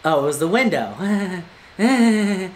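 A woman's voice: fairly low pitch, animated, slow pace, a little mellow, slight background noise. A woman hosting a horror game let's play, jumpy and crude, often screaming. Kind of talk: casual gaming commentary. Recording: echoey room with game music.

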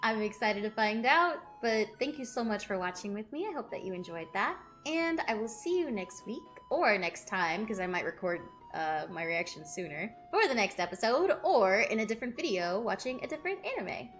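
A woman's voice: mid-range voice, animated, moderate pace, hardly any pauses, fairly bright tone, faint music behind. A woman hosting an anime reaction video, talking casually, gushing and laughing often as she reacts. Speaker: anime reaction channel host.

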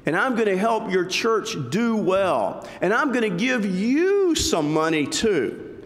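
Eager small boy, sincere and slow, as done by a male preacher; reverberant sanctuary. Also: high voice, sing-song, voice pushed up, full character voice. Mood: earnest. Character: little boy, earnest and eager. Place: church sanctuary. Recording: long church reverb.

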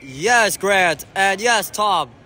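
Excitable man calling amateur soccer. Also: high-pitched, drawn-out words. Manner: shouts and groans at the play, talks to the referee. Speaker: amateur commentator. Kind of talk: excited sideline commentary. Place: indoor soccer venue.

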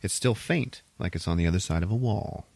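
A man with a deep voice retells a horror movie scene by scene, swearing freely and acting out the twists. His voice is close and dry, with no room sound at all. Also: a little fast, creaky, slightly rough, no room sound. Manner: profane, animated storytelling. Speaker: podcast host. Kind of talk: casual movie plot retelling.

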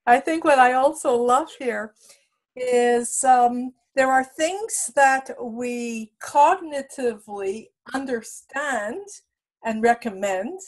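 A woman's voice: on the high side, slow. Reflective woman in a discussion. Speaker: session participant. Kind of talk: thoughtful discussion.

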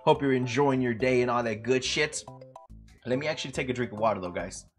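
A man livestreaming a game, chatting casually with viewers, swearing freely and yelling at the game in sudden high-pitched outbursts. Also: a little fast, faint music behind. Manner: profane, excitable trash talk at the game; greets viewers by name. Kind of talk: casual gaming livestream commentary.

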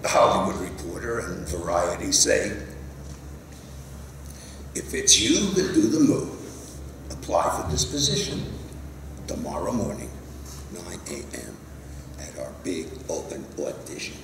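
A harried male studio boss grumbles through his orders, exasperated and animated, as a man reads him aloud. His voice is fairly low and carries the echo of a large room, picked up from a distance. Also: measured pace, vocal fry, pauses often, slight background noise, heavily acted. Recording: roomy hall, mic at a distance.

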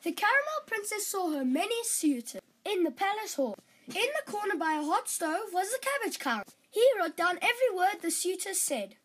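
A woman tells a children's fairytale with animated, expressive storytelling. Her voice sits very high and swoops lively through each sentence. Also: moderate pace, poor audio.

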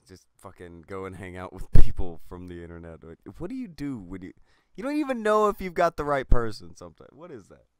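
A man's voice: on the low side, wildly swooping pitch, fairly quick, clear, resonant tone, no echo. Sardonic, swearing male host. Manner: blunt, sardonic, swears freely. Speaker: podcast host. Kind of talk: casual profane group chat.

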